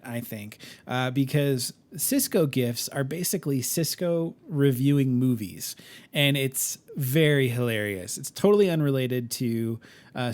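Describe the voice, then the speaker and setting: A man co-hosts a relaxed podcast chat at a middling pitch. He sounds eager and laughs often. His talk is loose, full of fillers and restarts. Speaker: podcast co-host. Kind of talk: casual chat.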